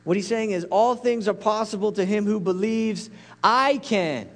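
A man's voice: high voice, normal speed, vocal fry, a bit bright. A man preaching a sermon as a pastor, earnest and pleading, building to intense peaks.

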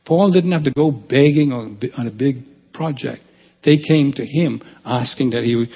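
Male pastor, gravelly and husky, animated sermon delivery, lo-fi church recording with long reverb. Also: medium pitch, normal speed. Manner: animated preaching, rising emphasis.

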